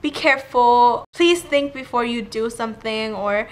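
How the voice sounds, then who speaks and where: A young woman telling a personal story to camera in a chatty, animated way, with "like" all through her talk. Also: on the high side, unhurried. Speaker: vlogger. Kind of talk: casual storytime.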